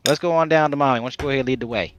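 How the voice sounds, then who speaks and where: A man's voice: mid-range voice, racing, natural voice. A man voicing a talkative, folksy rabbit-eared man who drawls and stammers.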